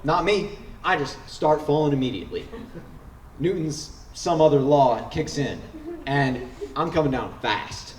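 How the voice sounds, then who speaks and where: A man's voice: on the high side, slight background noise. A man telling a wry, humorous personal story on stage at a story slam, building suspense as he goes. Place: stage in a large hall. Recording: echoey hall, picked up from a distance.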